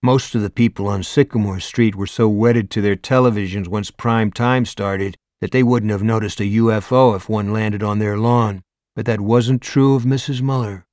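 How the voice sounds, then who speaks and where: A man's voice: lowish voice, fairly even intonation, normal speed, darkish tone, dry recording. A man reading an audiobook aloud, telling the story in a dry, wry way. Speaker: audiobook narrator. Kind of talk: scripted narration.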